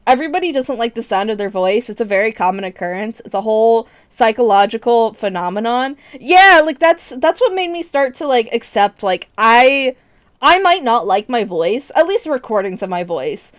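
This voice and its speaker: A young adult woman streamer chatting casually with her viewers, expressive and laughing often, with casual swearing. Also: on the high side, moderate pace, no echo, studio quality.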